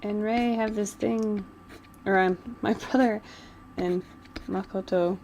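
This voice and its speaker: A woman rambles through a casual chat while she doodles, giggling and gushing like an excited fan. Her voice is mellow and dark, with a steady gravelly fry. Her pitch sits in a middle range. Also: slow pace, a little hiss or hum, rough recording. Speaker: vlogger.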